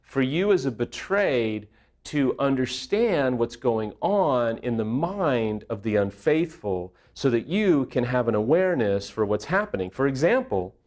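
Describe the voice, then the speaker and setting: A man's voice: mid-range voice, sing-song, a little slow, a little mellow. A man telling an earnest, candid personal story straight to viewers, sometimes poking fun at himself. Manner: earnest, candid, self-deprecating. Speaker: affair recovery speaker.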